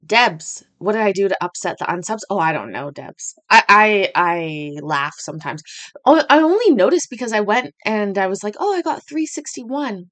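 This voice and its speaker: Casting rambling, self-deprecating woman livestream host, mid-pitched, talking casually from home. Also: very animated, normal speed, a bit bright.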